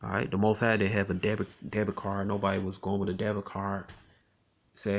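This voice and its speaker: Low gravelly man teaching scripture. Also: completely flat delivery. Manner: conversational, tags lines with "man" and "all right"; reads scripture slowly and deliberately. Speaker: Bible teacher.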